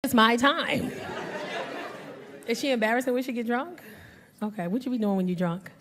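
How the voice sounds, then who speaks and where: Brash woman comedian, lively high voice. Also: moderate pace, noisy background. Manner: brash, crowd work, acts out voices. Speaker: stand-up comedian. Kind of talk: stand-up comedy. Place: comedy club stage with audience. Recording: live club with crowd laughter.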